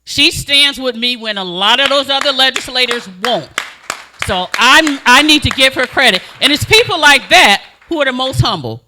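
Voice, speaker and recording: A woman community advocate giving an impassioned speech at a community meeting, telling stories in an animated, emphatic and blunt way. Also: sits high, moderate pace, noisy background.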